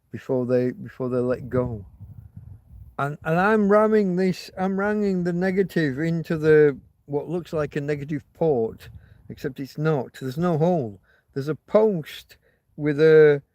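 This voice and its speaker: A man's voice: on the high side, darkish tone, dry recording, studio quality. A man hosting a casual livestream, rambling, swearing freely and reading out viewer comments. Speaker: livestream host.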